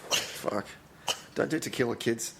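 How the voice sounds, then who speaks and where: A man's voice: mid-range voice, unhurried, vocal fry, noisy background. A man, co-hosting a loose, laughing football podcast chat and steering it with questions. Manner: loose, laughing, swearing banter, asks the questions. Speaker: podcast co-host. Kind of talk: casual chat.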